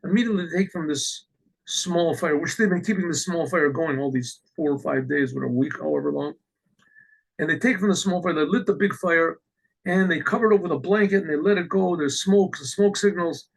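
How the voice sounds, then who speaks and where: A man with a high, gravelly voice tells a story, animated, acting out each character with lively exclamations. His tone is husky and rough-edged. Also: a little fast, rough recording. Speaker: rabbi telling a story. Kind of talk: storytelling talk.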